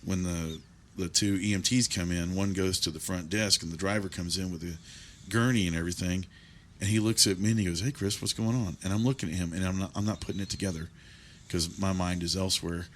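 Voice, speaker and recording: A man, hosting an interview and telling stories in a lively way, quoting people with animation. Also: deep voice, a little fast, slight background noise. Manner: lively storyteller, animated when quoting others. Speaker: interview host. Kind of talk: casual interview chat, telling a story.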